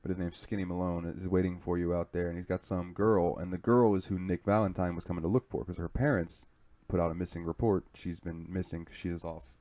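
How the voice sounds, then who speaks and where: A man's voice: low-pitched, steady tone, a little fast, dark tone. A man from the southern United States co-hosting a podcast, telling a rambling and profane story in casual chat. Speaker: podcast co-host.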